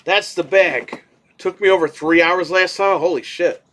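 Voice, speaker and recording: A man co-hosting a casual podcast, telling a story in an animated way, swearing casually and acting out what people said. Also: high-pitched, a little slow. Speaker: podcast co-host.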